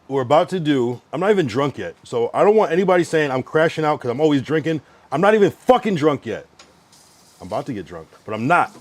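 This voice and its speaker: A man's voice: mid-range voice, slight background noise. A young man livestreaming, ranting at his chat in an irritated, swearing, casual way.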